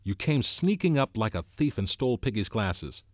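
A man's voice: fairly low pitch, very animated, normal speed, no echo, studio quality, pitched above the performer's own voice. A man reading aloud, voicing an earnest, indignant boy who was elected chief. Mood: angry. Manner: earnest, heated.

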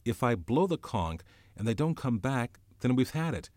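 A man's voice: mid-range voice, sing-song, moderate pace, darkish tone, no room sound, voice pushed up. A man voicing a boy leader who speaks in a hesitant, careful way, uneasy and scared, in an audiobook reading.

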